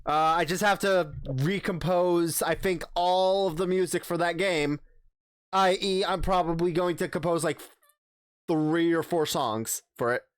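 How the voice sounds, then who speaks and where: A man's voice: fairly high pitch, unhurried, smooth, no echo, clean studio sound. A man hosting a casual podcast, chatting in a rambling way with many restarts. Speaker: podcast host.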